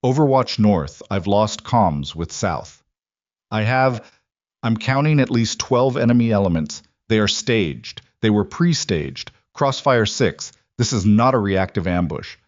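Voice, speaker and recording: A man voicing a hushed hidden sniper. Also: lively intonation, no room sound, highs cut off. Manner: low, quiet, deliberate. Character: hushed male overwatch sniper hiding.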